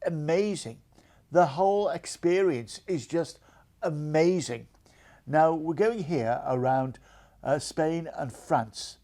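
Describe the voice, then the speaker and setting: A man's voice: a little high, slow, warm tone. A man hosting a TV cruise deals show, talking in an enthusiastic, salesy, chatty way full of "you know" fillers.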